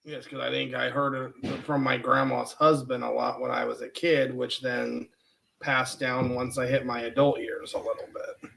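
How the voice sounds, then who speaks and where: Man, casual chat, gravelly, flat delivery, calm. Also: medium pitch, normal speed, poor audio.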